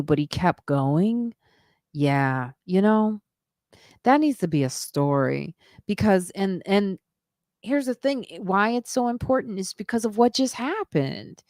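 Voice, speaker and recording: A woman's voice: mid-range voice, expressive, a little slow, darkish tone, no echo, clean studio sound. A woman hosting her own podcast live stream, rambling through asides and emphatic comments in casual chat.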